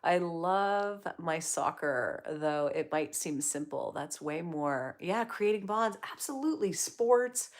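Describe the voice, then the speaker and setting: A middle-aged woman from Canada, hosting a casual livestream, chatting and reading out comments in an upbeat way with lots of fillers. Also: mid-range voice. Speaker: livestream host.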